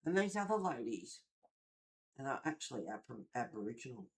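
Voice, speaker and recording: Animated, gossipy woman. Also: very deep voice, normal speed. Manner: animated, gossipy storytelling with swearing. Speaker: livestream host. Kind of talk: casual chat while colouring on a livestream.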